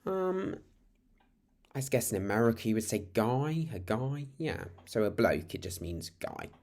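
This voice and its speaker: A man's voice: medium pitch, very animated, unhurried, a little mellow. A British man from the United Kingdom giving a casual, chatty lesson to camera. He rambles and restarts his sentences often. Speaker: language teacher.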